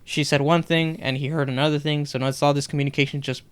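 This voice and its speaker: Young male podcast co-host, animated storyteller, clean resonant voice. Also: on the high side, fast talker, smooth. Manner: animated, acts out customers' lines in retelling. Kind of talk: casual storytelling chat.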